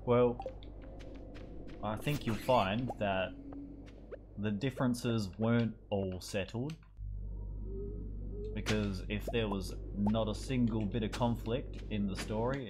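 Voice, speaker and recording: A man's voice: on the low side, steady tone, measured pace, pauses often, over music. A young man streaming a game, casually joking and teasing his live chat, laughing often.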